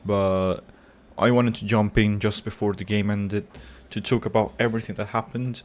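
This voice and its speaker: A man's voice: lowish voice, fairly even intonation, normal speed. Male fan-channel host reacting live to a match: heated, profane, informal rant. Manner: angry, swearing rant; informal, repeats words.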